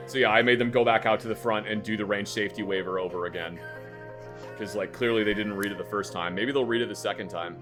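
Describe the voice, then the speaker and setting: Over music, a man streaming a game tells a story casually and animatedly, acting out the scene while swearing and repeating words. He talks fast in a lowish voice.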